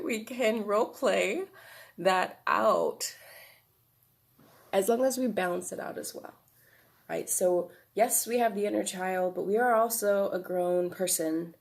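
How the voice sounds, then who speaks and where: A woman talks through a self-help lesson in a relaxed, encouraging way. She keeps checking in with her listener and fills pauses with soft fillers, in a mid-range voice. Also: mid-range voice, gravelly. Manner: relaxed, encouraging, with frequent "right?" and "um". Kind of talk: casual instructional talk.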